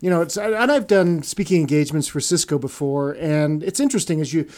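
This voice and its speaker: A man's voice: fairly high pitch, fairly quick, darkish tone. Rambling male podcast host. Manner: rambling, heavy on "you know" fillers. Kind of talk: casual podcast chat.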